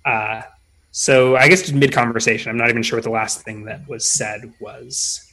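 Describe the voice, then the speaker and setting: A man plays a tabletop game in a casual, hesitant way, filling his talk with likes and restarts. His voice sits at an ordinary middle pitch. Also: steady tone, moderate pace, bright, forceful tone. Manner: hesitant, many fillers and restarts. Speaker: player.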